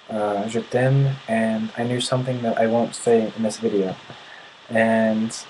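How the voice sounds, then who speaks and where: An indignant young man in a casual video rant. His pitch stays flat and his pitch is medium, and he often breaks off and restarts his sentences. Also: slight background noise, poor audio. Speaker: vlogger.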